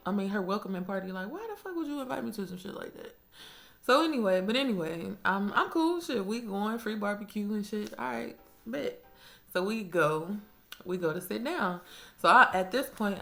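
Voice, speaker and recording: A young woman telling a casual storytime on her own mic, animated and slangy, swearing freely and laughing often. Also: mid-range voice. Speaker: storytime vlogger. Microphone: own microphone.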